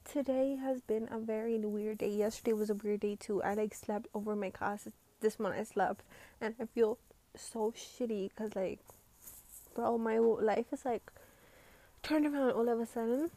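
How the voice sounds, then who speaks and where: A young woman vlogger with a runny nose rambles casually, her speech packed with slang, swearing and filler words. Her voice is a little high and dark in tone, holding steady at a normal speed.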